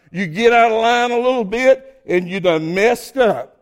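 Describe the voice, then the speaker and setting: High-voiced Southern preacher man. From Southern United States. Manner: fervent, folksy preaching with emphatic drawn-out peaks. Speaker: pastor. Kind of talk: sermon.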